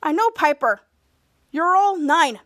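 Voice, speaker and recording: A woman voicing a self-important teenage boy working as a club bouncer, loud and commanding. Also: high-pitched, expressive, takes it slowly, exaggerated voice. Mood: bossy.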